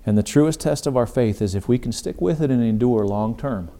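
Earnest man preaching, mellow voice. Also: medium pitch, brisk. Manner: earnest and emphatic. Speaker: podcast host. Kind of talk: faith talk sermon.

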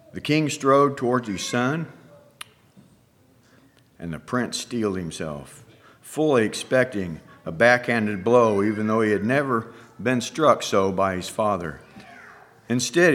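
A man preaching by telling an allegorical story, reading in a hushed, dramatic way with slow pauses. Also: on the low side. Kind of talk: sermon storytelling.

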